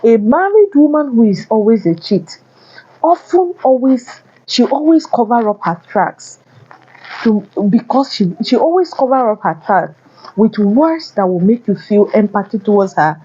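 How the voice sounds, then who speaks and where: A woman delivers a casual advice monologue, hammering home her warnings with blunt repetition. Her voice is husky and soft-toned. The recording is a little muffled and lo-fi. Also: a little high, expressive, a little slow. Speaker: relationship advice vlogger.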